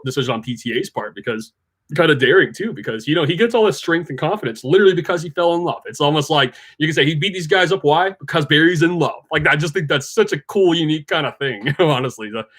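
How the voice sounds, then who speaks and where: A man's voice: mid-range voice, a bit bright. A man giving a casual, enthusiastic film review, rambling with many fillers and restarts and laughing often. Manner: laughs often while talking.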